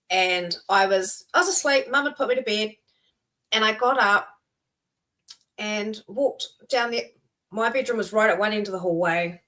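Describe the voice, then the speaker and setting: A New woman on a chat show, telling a memory from her early childhood in a mid-pitched, everyday voice. She passes along what her family said as she goes. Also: pushed and bright. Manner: recounts a childhood memory, quoting family members. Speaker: podcast co-host. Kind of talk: casual storytelling chat.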